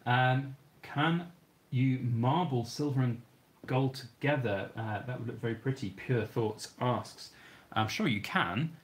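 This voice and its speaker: A man's voice: mid-range voice, slow pace. A man with a British accent hosting a livestream, reading viewer questions aloud and answering in an easygoing, conversational way. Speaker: channel host.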